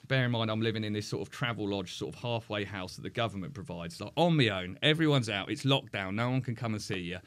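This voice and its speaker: A man's voice: mid-range voice, fairly bright tone. Frank, sweary man recalling hard times. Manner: frank, sweary, halting with restarts. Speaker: guest. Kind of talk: candid podcast conversation.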